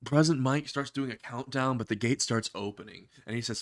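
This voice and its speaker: A man's voice: medium pitch, expressive, normal speed, hardly any pauses, dry recording, studio quality. A man casually narrating a profane comedy what-if story and laughing at his own jokes.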